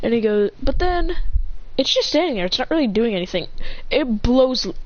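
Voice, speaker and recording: A woman improvising an adventure story aloud, rambling along and often stopping to correct herself. Her voice sits fairly high and swings up and down a lot. The recording sounds muffled and lo-fi. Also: very animated, normal speed, no echo. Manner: rambling, frequent self-corrections.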